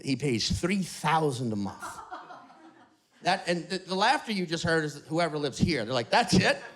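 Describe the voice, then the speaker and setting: A man doing a profane, animated stand-up set in an apartment. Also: a little high, moderate pace. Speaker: stand-up comedian. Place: apartment with live audience. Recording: live apartment crowd. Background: small audience laughing.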